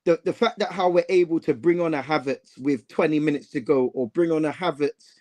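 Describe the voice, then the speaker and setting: A man chatting casually about football as a co-host, animated, full of slang and repeating himself. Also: fairly high pitch, fairly quick.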